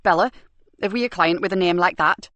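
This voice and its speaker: A woman's voice: lowish voice, brisk, fairly bright tone, no room sound, highs cut off, natural voice. A woman voicing a mild, absent-minded middle-aged man who designs websites, open and matter-of-fact. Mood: calm.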